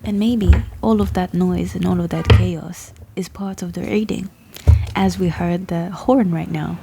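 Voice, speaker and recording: Slow, rambling woman. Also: lowish voice, fairly even intonation, creaky, background noise. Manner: laughs often, swears casually, drifts between thoughts. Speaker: tarot reader. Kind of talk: rambling casual chat to camera.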